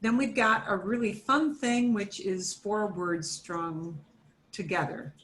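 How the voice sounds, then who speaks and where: A woman teaching a beginner Spanish class, slowly sounding out each word for her students to repeat. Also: medium pitch, fairly even intonation, a bit bright, a little hiss or hum. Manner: slow, drawn-out modeling of words for students to repeat. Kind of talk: beginner language lesson.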